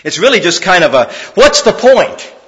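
A man's voice: high-pitched, very animated, moderate pace, long reverb tail, dull audio. A man preaching an expository sermon in an earnest, conversational way, asking his listeners direct questions. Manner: earnest, conversational, with rhetorical questions and sports metaphors.

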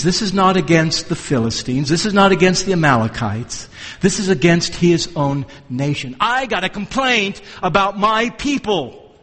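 A man's voice: high voice, fairly bright tone. A man preaching a sermon, emphatic and fond of rhetorical questions. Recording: long hall reverb.

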